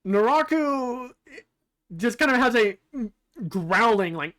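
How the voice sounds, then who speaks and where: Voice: mid-range voice, lively intonation, takes it slowly, pauses often, fairly bright tone. A streamer giving casual game commentary, musing aloud with frequent fillers and the odd curse. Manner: casually profane.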